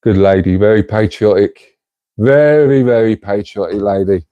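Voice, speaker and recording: Reading out his chat and calling viewers mate, a chatty middle-aged livestream host rambles along in a fairly low voice at normal speed. The recording is muffled, with no room sound.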